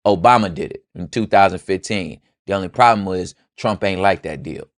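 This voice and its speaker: Low-voiced, slangy young male host. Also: brisk, no echo, studio quality. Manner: slangy, loose, joking. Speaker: podcast host. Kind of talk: comedic political commentary.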